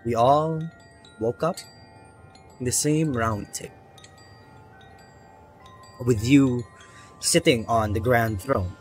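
Slow deliberate bespectacled man voiced by the gm, weary, soft music behind. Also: mid-range voice, lightly acted. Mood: resigned. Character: weary, measured human with glasses. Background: faint ambient music.

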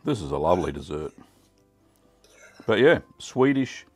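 A middle-aged Australian man hosting a casual cooking vlog, chatty and relaxed with many ums. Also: low voice, a little slow, husky, soft background music. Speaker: cheesemaking channel host.

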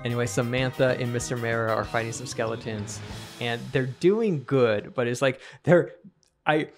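A man co-hosting a comedy podcast, improvising a story and jumping into squeaky character voices for the figures. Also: moderate pace, soft background music. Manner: acts out characters with sudden high-pitched voices. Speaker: podcast co-host.

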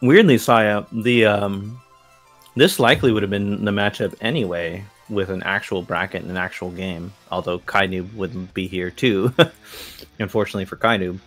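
A man's voice: sits low, steady tone, normal speed, fairly bright tone, soft background music. A man giving chatty, analytical color commentary on a live esports tournament. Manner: analytical, chatty, with laughs and restarts. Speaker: esports co-caster.

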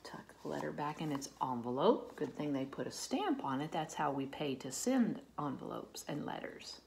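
A woman reading a picture book aloud to children, gently explaining and asking the listener questions. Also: sits low, animated, moderate pace, vocal fry, slight background noise. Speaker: storybook reader.

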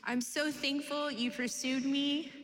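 A woman's voice: sits high, little pitch movement, a little slow, a bit bright. A woman, the bride, reading her wedding vows in a tender, emotional voice. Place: wedding venue. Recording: echoey ceremony hall.

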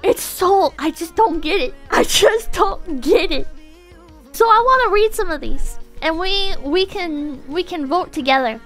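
A woman streamer chatting casually to her chat, excitable and swearing, often breaking into shouts. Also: very high-pitched, moderate pace, few pauses, soft background music. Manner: excitable, swears a lot, bursts into shouting and laughter. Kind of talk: casual live-stream chat reading posts to chat.

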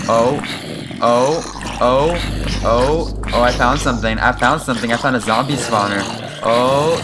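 A young man giving casual, rambling commentary over a game he is playing, excitable and self-mocking, with sudden high yelps when startled. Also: background noise. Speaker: gaming channel host.

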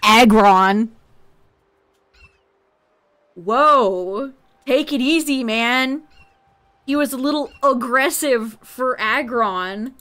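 A woman's voice: sits high, takes it slowly, a bit bright. A woman streaming to her chat, laughing and teasing as she repeats words in mock disbelief. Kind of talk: casual live-stream chat.

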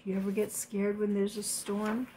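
A woman reading a picture book aloud to children, gently stopping to explain words and ask questions. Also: medium pitch, completely flat delivery, moderate pace, slight background noise. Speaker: storybook reader.

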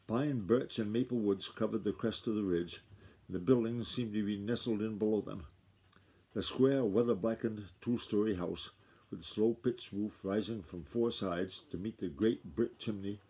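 An older man from Maine reading a novel aloud to his family, relaxed and conversational, with asides of his own. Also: fairly low pitch, slightly rough. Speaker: reader.

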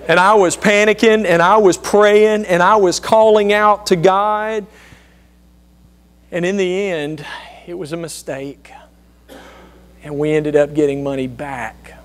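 Man, preacher, sermon storytelling, earnest, restarts, higher voice. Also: clear, resonant tone. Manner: earnest, conversational, many restarts.

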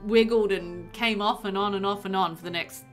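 With soft music in the background, a young streamer and new mum chats casually at normal speed, reading out chat messages. Her mid-range voice has fairly even intonation, and she's giggly with plenty of fillers like "like" and "um."

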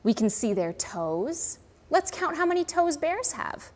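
A Canadian woman, a museum educator, teaching small children and reading a storybook aloud. She speaks slowly in a sing-song way and asks the kids questions. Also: sits high, huge pitch swings.

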